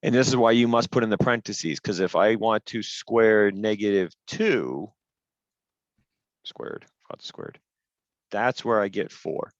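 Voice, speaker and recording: A man walks his class through each step with patience and leans hard on the rules. His voice sits a little low and comes through a headset on a dull, lo-fi call line with a dry, close sound. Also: unhurried, no echo. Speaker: teacher. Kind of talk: online class lecture.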